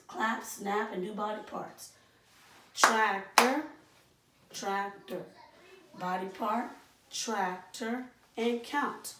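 Slow sing-song teacher woman. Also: a little high, slight background noise. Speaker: kindergarten teacher. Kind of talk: online class lesson. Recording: echoey room from far off.

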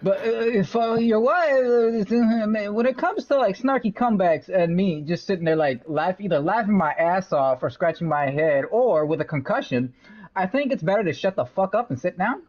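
A man's voice: sits high, animated, normal speed, dull audio. A man in casual gaming voice chat, rambling and swearing with laughs between his lines. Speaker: gamer in voice chat. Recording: loud crowd noise behind.

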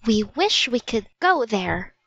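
A woman voicing an eager, bold young girl in a storybook reading, talking with excited, pleading insistence. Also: fairly high pitch, takes it slowly, no room sound, heavily acted. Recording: dry, slightly dull audiobook recording.

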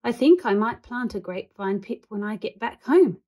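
A woman's voice: on the high side, lively intonation, normal speed, dark tone. A woman voicing a polite, earnest young male bear in a children's storybook reading, speaking in a plain, matter-of-fact way.

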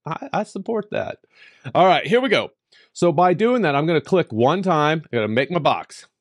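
A man's voice: expressive, brisk, no echo. Emphatic man with a dry, close sound. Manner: emphatic, playful, pitch jumps for emphasis. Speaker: tutorial host. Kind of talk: screen-recorded software tutorial.

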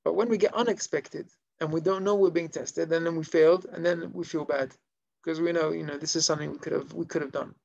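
A man, a rabbi, telling stories in an animated, conversational way to a small live class. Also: fairly high pitch, a little fast, gravelly, no room sound, lo-fi sound. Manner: animated, conversational storyteller with many fillers. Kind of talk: storytelling Torah lesson to a live group. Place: room with a small live audience.

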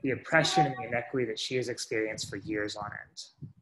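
A man's voice: lowish voice, fairly even intonation, brisk, a bit bright, a little hiss or hum. A man earnestly telling a first-person story to an audience, stringing his sentences together with "and so". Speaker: speaker sharing a story. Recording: echoey room.

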